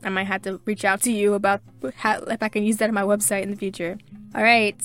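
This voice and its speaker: Young woman podcaster reading out reviews, super grateful and chatty, mid pitch, faint music under her. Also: level tone, fast, a bit bright. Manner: gushing, grateful, chatty with many fillers. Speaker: podcast host. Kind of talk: reading listener reviews aloud.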